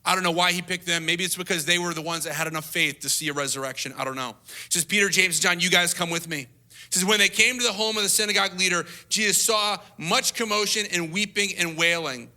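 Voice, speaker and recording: A male lead pastor preaches a sermon at a quick pace in a steady, conversational tone. He acts out quotes with rising pitch in a higher voice and drops to a soft hush at tender moments.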